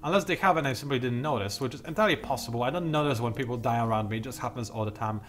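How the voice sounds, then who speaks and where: A man giving casual, sarcastic let's-play commentary as he plays a strategy game, mocking himself and breaking into sudden excited outbursts. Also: mid-range voice, rapid-fire, soft background music. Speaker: gaming video creator.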